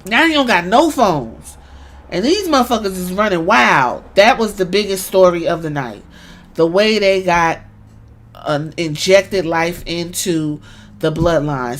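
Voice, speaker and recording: Woman w/ aave talking wrestling on a podcast, animated, acts out the quotes, cusses a lot. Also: mid-range voice. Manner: animated storytelling with acted-out quotes and cursing. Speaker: podcast host. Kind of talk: casual wrestling recap.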